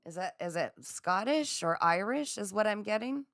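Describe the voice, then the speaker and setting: A woman hosting a live spiritual chat, speaking in a gentle, affirming and soothing way as she reads out viewer comments. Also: medium pitch, animated, normal speed, dry recording, clean studio sound. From Canada. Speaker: psychic livestream host.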